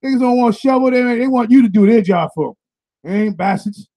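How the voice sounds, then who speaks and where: Young man from massachusetts, talk show host, mellow tone, high voice, loose and profane, rambling. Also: brisk. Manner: loose, profane, repetitive with "you know what I mean". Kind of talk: casual streetwise monologue.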